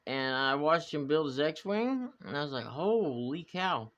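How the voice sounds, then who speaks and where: A man's voice: on the high side, expressive, unhurried, a bit bright, highs cut off. A man chatting in a reflective, wandering way, full of fillers and restarts, as the host of a hobby vlog. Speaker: channel host, hobby model builder. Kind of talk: rambling personal vlog chat.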